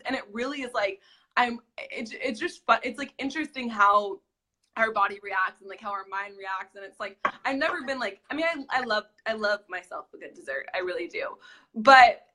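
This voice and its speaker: A woman's voice: on the high side, pushed and bright. A young woman guest in a casual chat, talking in a bubbly way with lots of "like".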